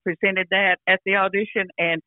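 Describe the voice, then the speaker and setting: An older actress chatting casually as an interview guest over a phone line, rambling with restarts and frequent "you know". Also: female voice, mid-range voice, little pitch movement, moderate pace, no room sound. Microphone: phone call.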